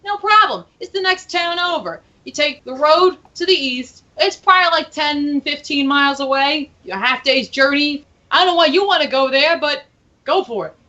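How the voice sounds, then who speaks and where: A big, broad-shouldered barkeep tied to his inn, talking easy and folksy, as a woman puts him on. The voice sits high and bright. The recording is dull and lo-fi. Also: expressive, moderate pace. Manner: casual, folksy. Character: gruff burly male barkeep.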